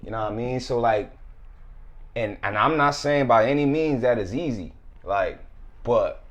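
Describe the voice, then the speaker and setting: A man's voice: mid-range voice, moderate pace, dull audio. A man hosting a podcast, talking casually and rambling with many fillers. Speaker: podcast host. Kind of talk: casual chat.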